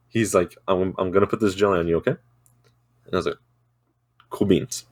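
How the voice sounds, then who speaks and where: A man's voice: low voice, fairly even intonation, normal speed, darkish tone, dry recording. A man co-hosting a podcast, telling a rambling story in casual chat, swearing freely and laughing often. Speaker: podcast co-host.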